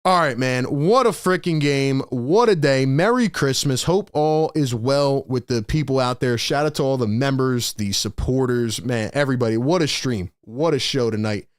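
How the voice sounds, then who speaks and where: A man hosting a live postgame sports talk stream, talking in an animated, rhetorical way and often calling his listeners "man". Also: mid-range voice, normal speed, few pauses, clean tone, no room sound, studio quality. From Philadelphia area.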